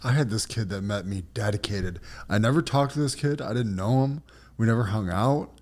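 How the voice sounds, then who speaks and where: A man chatting casually and telling a short story in relaxed street slang. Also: on the low side, a little fast. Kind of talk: casual chat.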